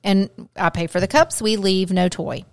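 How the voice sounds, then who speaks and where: A woman's voice: medium pitch, moderate pace, vocal fry, dry recording, studio quality. A middle-aged woman co-hosting a casual chat, teasing and telling wry stories. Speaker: podcast co-host.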